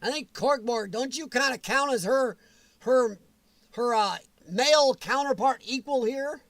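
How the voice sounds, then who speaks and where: High-voiced man hosting a live chat. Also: a little slow, no room sound. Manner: chatty and animated, with frequent chuckles. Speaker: livestream host. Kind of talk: casual livestream chat, answering viewers' comments.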